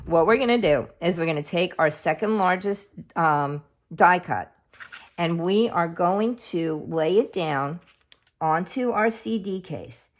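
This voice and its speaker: A middle-aged woman walks through a craft project at home in a low, deep-set voice. She talks in a slow, easy way, chatty and homely, narrating each step while her hands stay busy. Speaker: craft video host. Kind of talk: casual craft tutorial.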